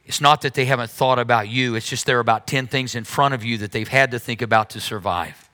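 A middle-aged man preaching a sermon as pastor, animated, with sudden high-pitched mocking asides. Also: quick pace.

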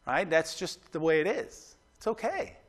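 A man's voice: a little high, very animated, moderate pace, fairly bright tone. A man preaching a sermon in a casual, conversational way, often asking his listeners "right?" and urging them on emphatically. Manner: emphatic, exhorting. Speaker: pastor.

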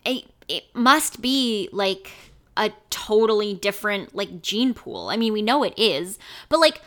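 A woman's voice: medium pitch, animated, a little slow, a bit bright. A woman co-hosting a podcast in casual chat, rambling and swearing freely with lots of "like.". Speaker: podcast co-host.

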